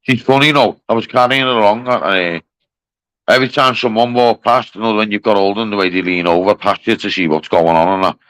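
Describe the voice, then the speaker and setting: Low-voiced bloke, sweary laughing anecdotes, dry sound. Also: male voice, a little fast, a bit bright, dry recording, rough recording. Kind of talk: casual chat.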